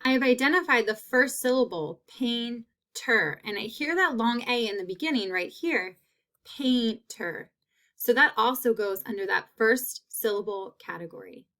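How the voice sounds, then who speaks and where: A woman teacher giving a phonics lesson, stretching out sounds and repeating each word slowly. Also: on the high side, expressive, a bit bright.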